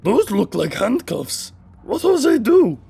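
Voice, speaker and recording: Huge childlike ogre, high and slow. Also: male voice, huge pitch swings, vocal fry, mellow, husky, soft background music, exaggerated voice. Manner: broken grammar, slow and eager. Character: huge simple-minded male ogre, childlike and timid.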